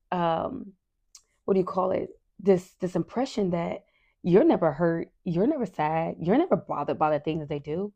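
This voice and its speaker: Woman in her 30s chatting on her podcast, gravelly low-key voice, kinda dull lo-fi sound, emotional and candid. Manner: candid and emotional, with frequent fillers and soft asides. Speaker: podcast host. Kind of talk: casual personal talk.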